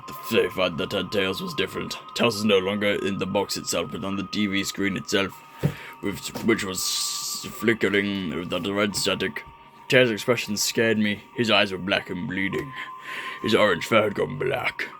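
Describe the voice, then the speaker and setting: Energetic young man reading a creepypasta. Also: on the low side. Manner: energetic, jokey, stumbles and laughs at own slips. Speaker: creepypasta reader. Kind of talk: casual story reading.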